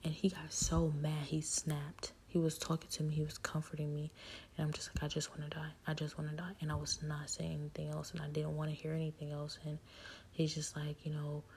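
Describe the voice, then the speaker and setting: A woman telling a personal spiritual testimony in an intimate, halting way, often sinking into a near whisper. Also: low voice, monotone, a little mellow, a little hiss or hum. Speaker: speaker sharing her story.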